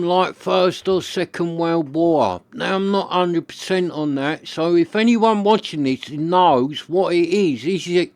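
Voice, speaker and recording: A man's voice: fairly high pitch, no echo. A man hosting a casual camping vlog, chatty, repeating himself as he shows off a find. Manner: chatty, repeats himself, hedges his opinions. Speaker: camping vlogger. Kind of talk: casual show-and-tell vlog.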